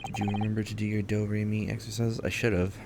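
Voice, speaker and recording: Gravelly, easygoing male streamer. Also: lowish voice, monotone, fast, heavy background noise. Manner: easygoing, chatty, hums to himself. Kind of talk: casual gameplay chat. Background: music.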